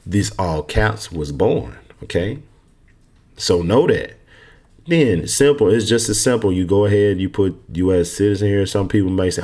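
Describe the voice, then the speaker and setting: In this casual screen walkthrough, a Texan online course mentor guides viewers through a form. His voice runs low, a little mellow and slightly rough, and he speaks with confident emphasis, frequently saying things twice.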